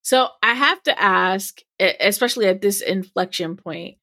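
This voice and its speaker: A woman's voice: mid-range voice, moderate pace, sharp tone, no echo. Hesitant woman host, dry close sound. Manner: thoughtful, hesitant, many fillers. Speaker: podcast host. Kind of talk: interview questions.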